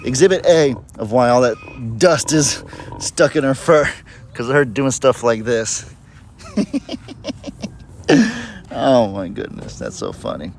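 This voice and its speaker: Farm-vlog host, a man of average pitch, rambling and chatty on a handheld phone outdoors, with faint noise behind him. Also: big pitch swings, moderate pace, creaky. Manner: chatty, rambling, talks to animals in a sing-song pet voice. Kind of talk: casual live-stream chat. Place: outdoors on a farm among animals. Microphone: handheld phone camera.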